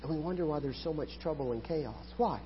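A middle-aged man preaching a sermon, swinging between loud pleading and quiet asides. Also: on the high side, fast, a little hiss or hum. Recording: hall reverb, dull lo-fi sound.

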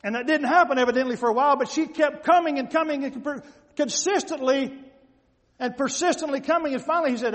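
High-voiced preacher in a reverberant hall. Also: male voice, quick pace. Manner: emphatic, repetitive, swings from loud to hushed. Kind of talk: sermon. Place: large hall with an audience.

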